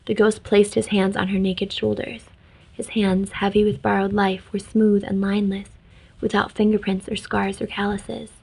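A woman reading a fantasy story aloud in an even, measured way. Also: mid-range voice, creaky, breathy edge, low-quality recording. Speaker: story reader. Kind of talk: scripted narration of a fantasy story.

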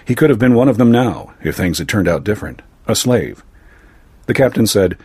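Man, story narration, measured, low voice, husky, dry close recording. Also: expressive, a little mellow, no echo.

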